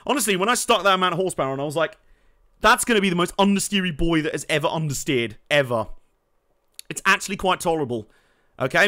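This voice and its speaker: A young man giving casual, jokey gameplay commentary, laughing often, swearing, and bursting out excitedly. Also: a little high. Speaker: let's play host.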